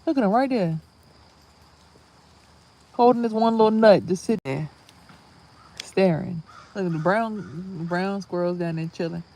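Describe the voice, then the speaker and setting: A young woman rambling casually in a spiritual vlog outdoors, animated and swearing, exclaiming at things she sees. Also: lowish voice, measured pace, long pauses. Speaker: spiritual vlogger and reader. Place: outdoors near trees.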